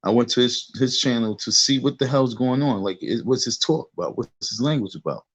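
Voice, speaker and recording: A man's voice: mid-range voice, fairly quick, no room sound, poor audio. Rambling, restless middle-aged man vlogging. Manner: excitable, repetitive restarts, profane street talk. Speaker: vlogger commentator. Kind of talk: rambling reaction commentary.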